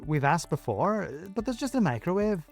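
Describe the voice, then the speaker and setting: A man's voice: high voice, very animated, moderate pace, faint music behind, voice pushed up. Narrator as practical young woman, matter-of-fact.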